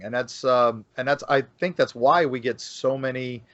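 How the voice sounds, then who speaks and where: A Florida man of medium pitch and fairly even intonation talks at a moderate pace, without echo. In a casual podcast conversation, he rambles as a guest about local folklore, with frequent fillers and restarts. The recording is dull, lo-fi, and dry.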